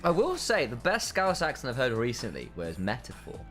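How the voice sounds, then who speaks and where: A man's voice: mid-range voice, huge pitch swings, normal speed, fairly bright tone, faint music behind. A man from England, an esports co-commentator joking around in casual banter. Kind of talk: casual chat during a stream break.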